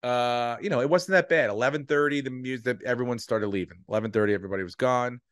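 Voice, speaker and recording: A middle-aged man spins a lively anecdote on a podcast, swearing casually and slipping into the voices of the people in his story. His voice sits at an ordinary pitch, and the recording is close and dry with no room sound. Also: fast talker, dry recording. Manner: animated, swears freely, acts out voices in anecdotes. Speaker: podcast co-host.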